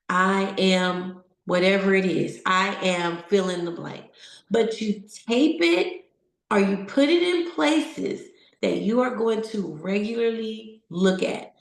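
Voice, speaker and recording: A woman gives an encouraging motivational talk to a live audience, asking question after question. She speaks slowly at a middling pitch. Her voice rings in an echoey room. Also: expressive. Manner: encouraging, conversational, asks many questions.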